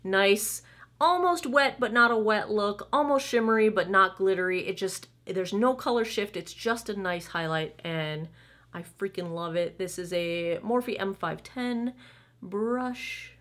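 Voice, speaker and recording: A woman's voice: medium pitch, a little slow, a bit bright. A woman in her thirties chatting casually through a makeup try-on, candid and playful with asides. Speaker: beauty vlogger.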